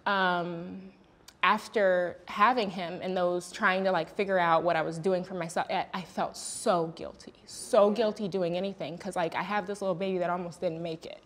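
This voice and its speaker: A woman's voice: lowish voice, steady tone, normal speed, a bit bright. A woman hosting a candid panel talk, telling a personal story in an earnest way and acting out the voices of the people in it. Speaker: host.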